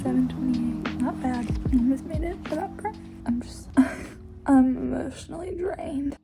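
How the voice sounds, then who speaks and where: A young woman vlogging about a book she is reading, often in a hushed whisper, talking in an emotional, expressive way. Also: sits high, a little slow, gravelly, loud music behind the voice, rough recording. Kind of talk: casual reading vlog.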